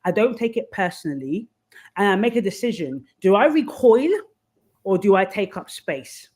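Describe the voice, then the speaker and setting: A woman's voice: medium pitch, sing-song, normal speed, darkish tone. A woman guest giving candid advice in conversation, acting out the voices of people she quotes. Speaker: podcast guest.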